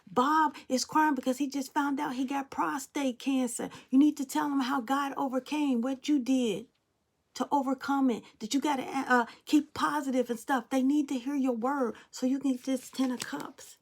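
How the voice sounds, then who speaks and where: Her voice is high-pitched, moderately paced, and fairly even. She's a tarot reader doing a spiritual reading for her audience, speaking to them head-on with preachy, blunt emphasis and the occasional casual swear word.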